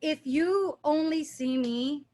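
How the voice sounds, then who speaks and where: A woman with a high, bright-sitting voice talks through her dance past in a relaxed interview. She is lively and playful, slipping into accent impressions as she tells stories. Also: slow. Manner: animated storyteller, mimics accents playfully. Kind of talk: casual interview chat.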